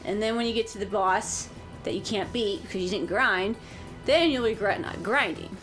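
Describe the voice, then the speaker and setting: A woman's voice: mid-range voice, a bit bright, faint music behind. Chatty woman co-hosting a game playthrough. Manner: chatty, quick asides, laughs. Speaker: co-host of a gaming channel. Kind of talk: casual let's-play chat.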